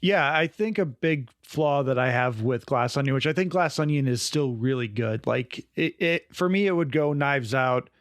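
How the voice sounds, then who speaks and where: A man's voice: mid-range voice, lively intonation, moderate pace, hardly any pauses, dry recording, clean studio sound. Chatty man rambling about films. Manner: rambling, enthusiastic, many "like"s. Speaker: podcast co-host. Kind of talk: casual film review chat.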